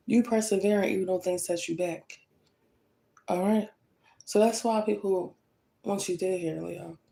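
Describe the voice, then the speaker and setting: Tarot reader lady, gravelly fry in her voice, blunt, keeps saying okay? to the viewers. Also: on the low side, darkish tone, slight background noise, low-quality recording. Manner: blunt and emphatic, checks in with "okay?". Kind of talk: tarot reading to camera.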